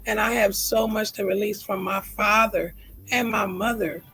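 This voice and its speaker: A woman's voice: mid-range voice, fairly even intonation, normal speed, vocal fry, pushed and bright, husky, rough recording. A middle-aged woman talking heartfelt and earnest on her own livestream, repeating phrases for emphasis. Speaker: livestream host. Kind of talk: emotional personal livestream talk.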